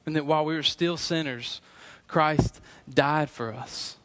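A middle-aged man preaching a sermon as pastor, earnest and emphatic, slowing down to repeat key phrases. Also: fairly high pitch, fairly bright tone, slight background noise.

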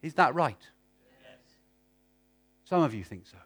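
A man's voice: fairly high pitch, sing-song, slow, a bit bright, breathy edge. A man preaching a sermon, urging his listeners with repeated questions.

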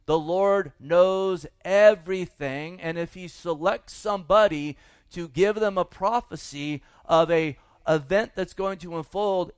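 A man's voice: high voice, unhurried, clean tone, no echo. A man preaching a sermon as pastor, folksy and emphatic, with asides to the congregation.

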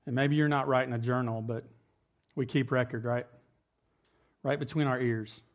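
A man's voice: medium pitch, fairly even intonation, moderate pace. A man in his thirties preaching with mock-serious sarcasm, talking conversationally with many fillers. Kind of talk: sarcastic sermon.

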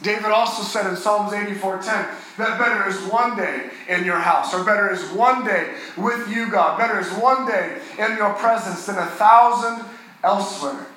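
A male pastor with a high, bright voice delivers an earnest sermon. His voice swells on key lines and sinks soft and low on tender moments. It rings through a very echoey church hall, with faint noise underneath. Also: normal speed.

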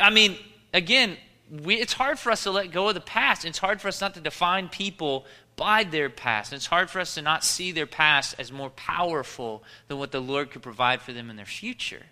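A man delivering a sermon with a very bright, forward tone and a slightly high voice. He talks casually and animatedly, weaving jokes and stories into his preaching. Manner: conversational, animated storytelling with jokes. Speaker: pastor.

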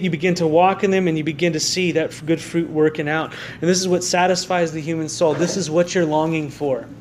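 A man's voice: on the high side, slight background noise. Earnest American male pastor preaching. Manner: earnest, rhetorical questions, restarts. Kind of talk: sermon. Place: church sanctuary.

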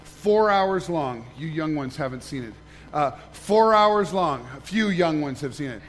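A pastor with a high voice for a man preaches an easygoing sermon. He jokes and keeps checking in with the congregation as he goes. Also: lively intonation, moderate pace. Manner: conversational, joking, questions the congregation.

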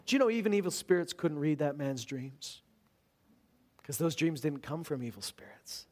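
A man preaching a sermon, reading scripture aloud and retelling it in a conversational, animated storytelling way. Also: high voice, normal speed.

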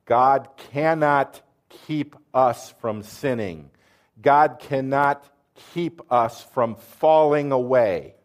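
Guy preaching a sermon, earnest and explaining stuff, quizzes the crowd, middle pitch. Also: very slow. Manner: earnest, explanatory, asks the room questions. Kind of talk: sermon with quiz questions to the audience.

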